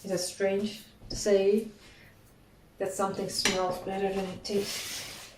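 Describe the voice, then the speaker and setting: Baking at home, a young woman cooking vlogger talks slowly in a mid-range voice with little pitch movement, and there's a little hiss or hum. Her chat is casual and rambling, full of self-deprecating asides, and she's slightly out of breath. The kitchen echoes, the mic sits far off, and dishes clatter.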